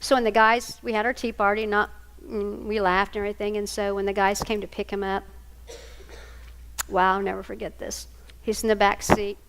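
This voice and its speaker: A woman's voice: medium pitch, flat delivery, normal speed, a bit bright, slight background noise. An older woman giving a storytelling talk to single parents, homey and anecdotal, acting out family dialogue. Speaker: speaker at a single-parent ministry event.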